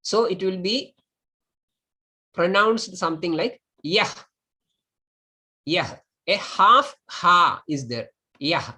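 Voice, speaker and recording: A man giving a step-by-step lesson, patient and deliberate. He speaks slowly, saying words again and again so learners can follow. His voice is bright and forward. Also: sits high, lively intonation. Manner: patient, repeats each word slowly for learners. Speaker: Sanskrit and Ayurveda teacher.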